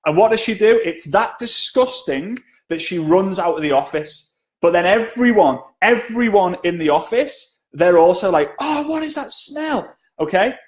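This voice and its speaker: A chatty male sales trainer running a live-stream lesson, with a fairly high voice. He jokes with viewers and keeps nudging them to comment. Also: expressive, moderate pace.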